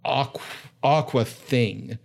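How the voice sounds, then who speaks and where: A man acting as game master, setting scenes in vivid, drawn-out narration. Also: mid-range voice, creaky.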